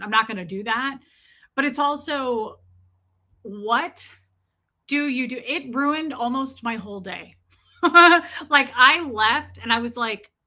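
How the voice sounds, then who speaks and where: A woman in her forties hosting a live stream, telling stories in an animated, exasperated, chatty way. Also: fairly high pitch. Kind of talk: casual live stream storytelling.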